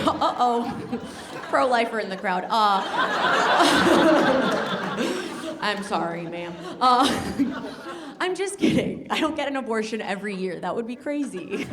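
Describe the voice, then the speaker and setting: Brash woman doing stand-up, slow delivery. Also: medium pitch. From Colombia. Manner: brash and self-mocking, teasing the crowd, laughs at her own jokes. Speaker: stand-up comedian. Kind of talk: stand-up set before a live audience. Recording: noisy live club sound with crowd laughter. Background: audience laughter.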